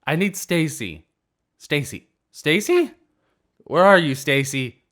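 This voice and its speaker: Male narrator doing a high, whiny drunk party girl in a story reading, loud and rude. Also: huge pitch swings, measured pace. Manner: slurring, whiny, shrill outbursts.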